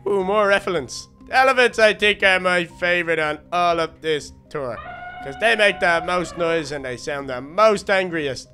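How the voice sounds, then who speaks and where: A man voicing a silly, excitable male baby duck, rambling and talking to himself through a game role-play. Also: a little high. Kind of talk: Minecraft role-play narration.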